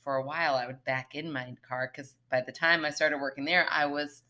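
A woman's voice: deep voice, steady tone, fairly quick, bright, forceful tone. A woman co-hosting a podcast in casual chat, laughing easily and poking fun at herself. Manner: laughs easily, self-deprecating. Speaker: podcast co-host.

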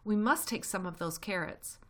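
A woman's voice: mid-range voice, normal speed, lightly acted. A woman reading a storybook voices the smallest of three young fox brothers, earnest and thoughtful.

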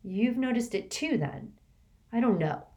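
A woman's voice: a little high, lively intonation, unhurried, darkish tone, pitched above the performer's own voice. A woman voicing a haughty, scheming teenage girl enforcer who sneers and snarls at the children.

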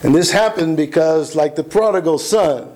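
A man's voice: a little high, normal speed, a little mellow, slight background noise, low-quality recording. A man preaching a sermon, earnest and emphatic, often restarting his words. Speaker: pastor.

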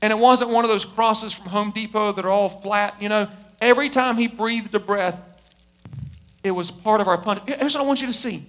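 A middle-aged male pastor preaching with a strikingly high, bright, ringing voice. He swings from loud, pleading passages down to hushed, intense moments. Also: a little fast. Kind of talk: sermon.

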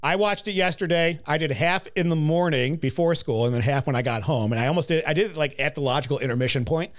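A man co-hosting a casual chat about a musical film, animated and laughing often. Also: fairly high pitch, fast talker. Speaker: podcast co-host.

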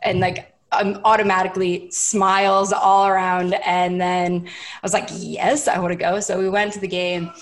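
A woman's voice: fairly low pitch, normal speed. A young woman, a podcast guest, telling a long casual story and acting out what people said. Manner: animated, voices herself and others in quotes, lots of "like".

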